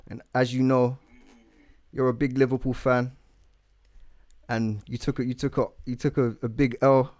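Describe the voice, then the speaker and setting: A man's voice: mid-range voice, little pitch movement, normal speed, long pauses, a little mellow. Laid-back man hosting. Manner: laid-back, laughs often, "you get me" slang. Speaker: podcast host. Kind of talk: casual podcast chat.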